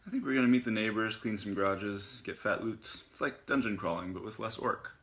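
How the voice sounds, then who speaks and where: A man's voice: on the low side, lively intonation, fairly quick, fairly bright tone. A man voicing a breezy young boy coaxing his friend to come along.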